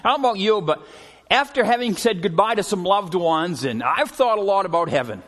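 A middle-aged man preaching a sermon as a pastor, telling stories earnestly and often slowing and dropping his voice for emphasis. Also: high-pitched, animated, fairly bright tone. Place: church sanctuary. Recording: long hall reverb.

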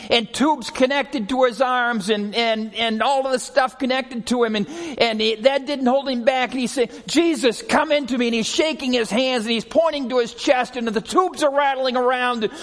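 A middle-aged man preaching a sermon as a pastor, telling stories earnestly and often slowing and dropping his voice for emphasis. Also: very high-pitched, steady tone, a bit bright. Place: church sanctuary. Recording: long hall reverb.

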